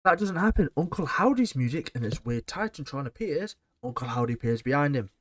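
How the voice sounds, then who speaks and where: A man's voice: on the high side, sing-song, fairly quick, no room sound. A man giving a blunt, sarcastic and rambling casual recap of a wrestling show.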